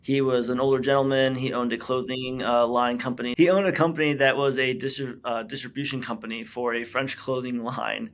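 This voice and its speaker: A man's voice: mid-range voice, fairly even intonation, brisk, hardly any pauses. A middle-aged man, a company founder being interviewed, telling his story in a casual way with many fillers and restarts. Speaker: business founder, guest.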